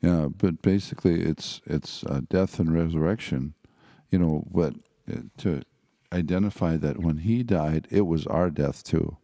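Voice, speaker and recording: Very deep, gravelly, dark male voice. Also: a little slow, no echo, studio quality. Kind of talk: casual Bible discussion.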